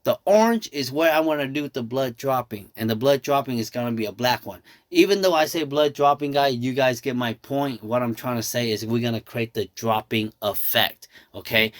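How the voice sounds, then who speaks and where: Chatting his way through a nail tutorial, this man in his thirties, a nail artist whose first language is Thai, mixes in casual stories and calls his audience "y'all." His voice sits at a medium pitch, and the studio-quality recording is dry.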